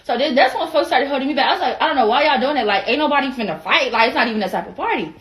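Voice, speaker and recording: A young woman from Atlanta with a Southern accent, ranting through a storytime in a fairly high voice. She swears freely and slips into voices for the people she quotes. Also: racing. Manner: animated, profane, mimics others in quoted voices. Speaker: vlogger. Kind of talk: casual storytime rant.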